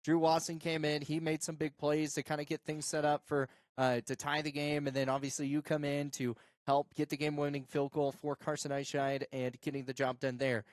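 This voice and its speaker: A man who hosts a local sports show, calling football highlights and then interviewing a player in a casual, filler-heavy way. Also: fairly quick, few pauses, no echo, studio quality. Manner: excited shouting calls over game highlights, then casual questions with fillers. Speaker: sports show host and play-by-play caller. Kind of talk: high school football play-by-play and interview.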